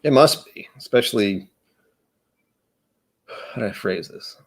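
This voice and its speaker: Rambling, low-voiced livestream host. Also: male voice, animated, measured pace. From United States. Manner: rambling, chatty and self-deprecating, reading chat aloud. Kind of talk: casual livestream chat. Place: indoors at home.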